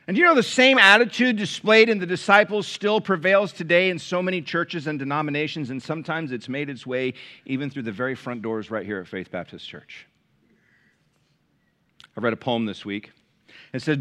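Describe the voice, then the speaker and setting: Preacher swinging from loud to hushed. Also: male voice, a little high, animated, moderate pace. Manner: preaching with big swings from loud emphatic peaks to hushed tones. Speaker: pastor. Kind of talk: sermon. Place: large church with balcony, live congregation.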